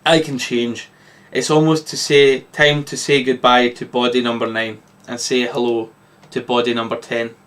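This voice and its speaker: A man's voice: medium pitch, level tone, moderate pace, fairly bright tone, far from the mic, lightly acted. Brief: chummy, rash alien time traveller, storybook read, a man voicing him. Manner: plain read-aloud delivery.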